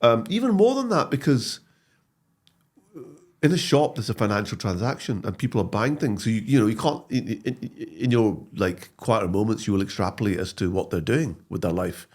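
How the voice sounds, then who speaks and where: A man, a comedy actor talking as a guest in a casual interview, animated and prone to restarts. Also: lowish voice, moderate pace. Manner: animated storytelling with frequent restarts.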